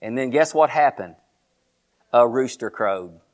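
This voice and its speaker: Unhurried and medium-pitched, a Texan-accented preacher relates a story in his sermon with lively delivery. He poses questions to the congregation as he goes.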